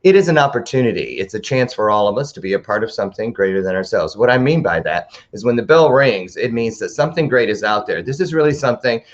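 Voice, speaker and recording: A man hosting a live talk show, chatting to camera in a rambling, animated way. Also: lowish voice, fast, hardly any pauses, highs cut off.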